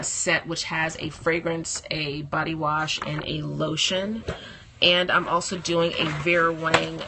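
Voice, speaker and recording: Woman chatting on a phone live stream, bright gravelly voice, a bit raspy, laughs a lot. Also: deep voice, a little hiss or hum. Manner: chatty, laughs often, greets viewers by name. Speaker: beauty blogger hosting a live stream. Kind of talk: casual live-stream chat.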